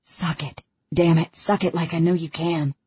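A woman reading the lines of a cocky, arrogant young man in an audiobook, clipped and gruff. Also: low voice, steady tone, normal speed, a little mellow, dull audio, slight background noise, natural voice. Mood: strained.

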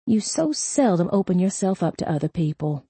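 A woman's voice: fairly low pitch, big pitch swings, normal speed, warm tone, breathy edge, dry recording, full character voice. A woman doing a soothing, firm middle-aged mother.

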